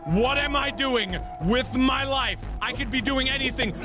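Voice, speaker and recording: A man putting on the voice of a frantic, panicked young woman who screeches and shouts. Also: very high voice, unhurried, soft background music, voice pushed up, exaggerated voice.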